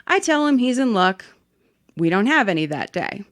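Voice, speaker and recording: A woman reading a story aloud in an animated, casual way. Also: medium pitch, normal speed, no echo, clean studio sound. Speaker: story reader.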